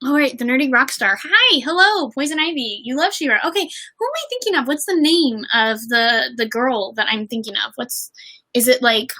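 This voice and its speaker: A woman's voice: high-pitched, lively intonation, normal speed, sharp tone, poor audio. A young woman chatting casually on a livestream while doing her makeup, bubbly and rambling, reading messages from the chat. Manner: chatty and bubbly, lots of fillers and giggles, reads out chat. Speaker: livestream host.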